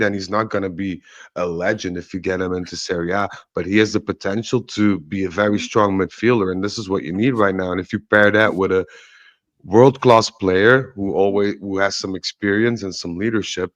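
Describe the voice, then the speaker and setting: A man talks football on a podcast in a blunt and opinionated way. His voice sits on the low side, and the sound is dry and close to the mic. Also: a little fast, no echo. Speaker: podcast co-host. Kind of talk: casual football podcast chat.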